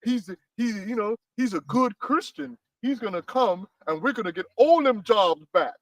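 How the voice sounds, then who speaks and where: A man mimicking a naive, gullible American man in a slow, mocking drawl, picked up from a distance. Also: very high-pitched, expressive, no echo.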